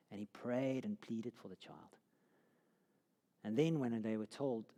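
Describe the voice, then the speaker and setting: A man's voice: fairly low pitch, normal speed, warm tone. A man teaching a Bible course, telling the story dramatically and sinking to a near whisper at key moments. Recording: long hall reverb.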